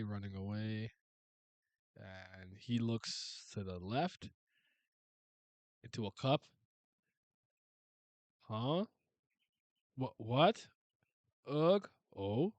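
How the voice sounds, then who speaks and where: A young man and manga scanlator reading a manga aloud and reacting in a casual, excitable, slangy way. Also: on the low side, very slow, pauses often, no echo. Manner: excitable, animated, laughs a lot, slangy.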